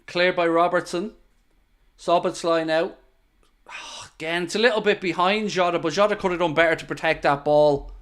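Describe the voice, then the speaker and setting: A young man giving live football commentary during a watchalong stream, talking to his viewers between plays and groaning loudly at near misses. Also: high voice, normal speed, smooth. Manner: excitable, bursts into loud groans at near misses, chatty asides to viewers. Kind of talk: live match commentary with chat.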